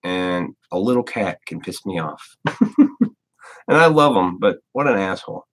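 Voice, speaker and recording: A blunt man in his thirties rants on his live stream with a somewhat low voice. He swears freely and rambles from thought to thought. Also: animated, moderate pace, a bit bright. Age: 30s. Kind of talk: casual ranting monologue.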